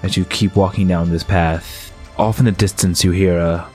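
Low voiced gm guy narrating slow and moody, faint music. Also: steady tone, a little mellow. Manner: slow, atmospheric, with restarts. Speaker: game master. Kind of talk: narrating a tabletop game.

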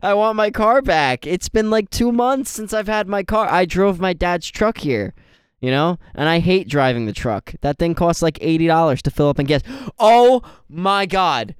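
A man's voice: sits high, lively intonation, normal speed, clean tone, no echo, clean studio sound. A young man co-hosting a podcast, chatting casually and telling rambling, jokey stories. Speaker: podcast co-host.

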